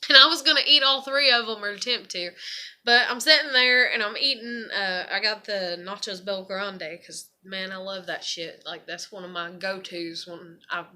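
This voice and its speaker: A woman's voice: mid-range voice, fairly even intonation, moderate pace, bright, forceful tone. A woman vlogging in a casual, rambling venting monologue, emotional and profane as she tells personal stories.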